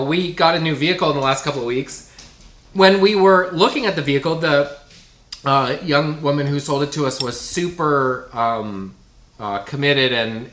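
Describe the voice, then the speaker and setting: A man's voice: mid-range voice, a bit bright, reverberant, a little hiss or hum. A man chatting casually with a co-host, upbeat and talkative. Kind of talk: casual chat.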